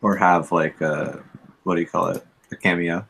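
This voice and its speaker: A man chatting calmly as a player before a tabletop game, sometimes searching for words. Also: low voice, moderate pace, creaky, breathy edge.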